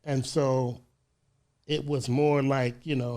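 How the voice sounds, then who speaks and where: A man in his sixties from Chicago with a Chicago accent, telling his life story as an interview guest in a measured way, often restarting his words. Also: mid-range voice, level tone, mellow. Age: 60s. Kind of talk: casual interview. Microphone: studio microphone.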